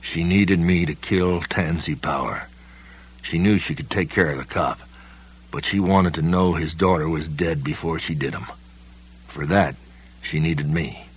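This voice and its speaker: Super deep husky guy telling a creepy story slow and folksy, muffled lo-fi sound. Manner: slow, folksy storytelling with plain country grammar. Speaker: audiobook narrator. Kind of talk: first-person horror audiobook narration.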